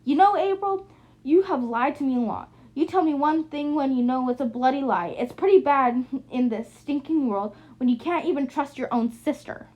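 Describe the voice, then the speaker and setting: Woman voicing a drunk, bitter young sister: mocking and accusing, higher pitch, lo-fi audiobook sound. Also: expressive, moderate pace, darkish tone, close to an everyday voice. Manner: taunting, accusing, slurring anger. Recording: muffled lo-fi recording.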